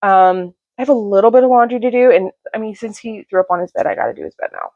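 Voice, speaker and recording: A woman in her thirties, a mother and book vlogger, chatting casually at home on the couch and retelling a story in a rambling, animated way. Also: mid-range voice, fast, vocal fry, no echo. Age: 30s. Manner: animated, rambling storyteller who acts out quotes. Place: home, sitting on a couch beside her sleeping son. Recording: dull, dry home recording.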